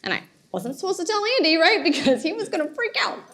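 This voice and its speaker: A woman, giving a motivational talk and telling her story in an animated way with laughter. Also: very high voice, fast. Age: 30s. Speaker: speaker.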